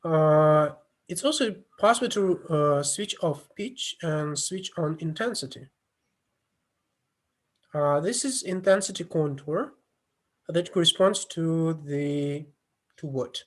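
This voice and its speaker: Slow-spoken male lecturer, halting delivery. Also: a little high. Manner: halting, many fillers and restarts, non-native phrasing. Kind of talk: online lecture with screen demo.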